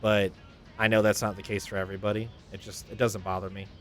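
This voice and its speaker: A man streaming a game, making wry, deadpan asides between reading the dialogue. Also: lowish voice, quick pace, faint music behind. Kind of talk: casual gameplay commentary.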